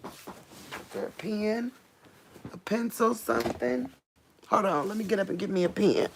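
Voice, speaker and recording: A woman reading Bible verses aloud with solemn emphasis, pausing to talk casually and excitedly to her viewers. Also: medium pitch, vocal fry, background noise. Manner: reads scripture slowly and solemnly, breaking off to talk to viewers. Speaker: religious video host. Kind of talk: informal Bible reading and commentary.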